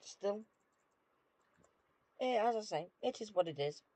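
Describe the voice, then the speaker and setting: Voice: mid-range voice, lively intonation, measured pace, darkish tone, no room sound. A British streamer chatting casually with viewers while playing a game, dry and self-deprecating.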